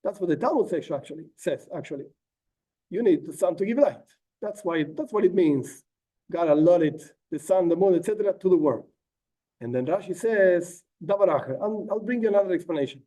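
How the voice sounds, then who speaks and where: A rabbi teaching a text lesson informally, animated, acting out quotes and tossing in asides. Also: male voice, high voice, brisk, distant mic. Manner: animated, acts out quotes, frequent asides like "whatever".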